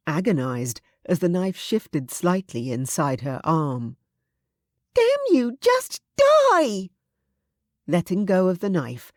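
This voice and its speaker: A woman narrating a historical romance audiobook in a measured, expressive reading. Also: sits low, dry recording, studio quality.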